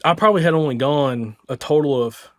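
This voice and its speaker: A man with a Southern US accent, hosting a podcast, tells a hunting story in an excited, casual way, full of "like" and "dude". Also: on the high side, brisk. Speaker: podcast host.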